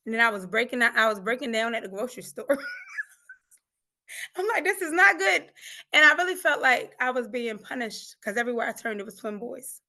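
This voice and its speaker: Woman guest sharing her story, high voice with some gravel, earnest and emphatic. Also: big pitch swings, normal speed, sharp tone. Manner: earnest and emphatic, laughs through pain. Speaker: podcast guest, coach. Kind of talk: emotional personal testimony.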